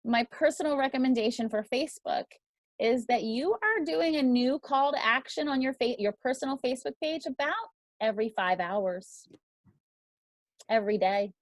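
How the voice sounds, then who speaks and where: A woman's voice: high-pitched, moderate pace, dry recording. A woman teaching a crowdfunding class, upbeat and emphatic. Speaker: crowdfunding instructor.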